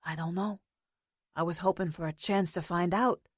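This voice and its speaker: Guilt-ridden young man read by a woman narrator, hushed and gentle, dry close sound. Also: mid-range voice, moderate pace, dry recording, lightly acted. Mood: tender.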